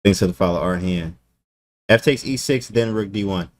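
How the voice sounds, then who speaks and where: A man streaming live chess commentary, animated and joking, who talks in casual slang and laughs often. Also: sits low, moderate pace.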